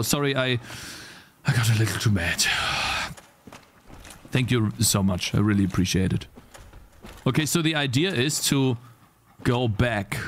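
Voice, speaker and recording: A young man streaming live gameplay commentary, swearing and yelling at the game, then apologizing. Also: medium pitch, slight background noise.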